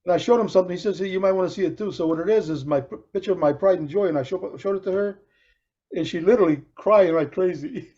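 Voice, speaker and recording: Middle-aged guy telling a story on a podcast, mellow warm voice, dull lo-fi sound. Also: high voice, fast. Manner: animated storyteller acting out quoted voices, with frequent restarts. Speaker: podcast co-host. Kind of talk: casual chat, storytelling.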